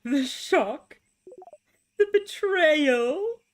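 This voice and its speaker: A woman's voice: sits high, expressive, extremely slow, slight background noise, pitched above the performer's own voice, exaggerated voice. A woman reading a taunting, theatrical star being. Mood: mock-dramatic. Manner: dramatic, taunting, mock-wounded. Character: mocking, theatrical star-like time being, no age. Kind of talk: reading game dialogue aloud.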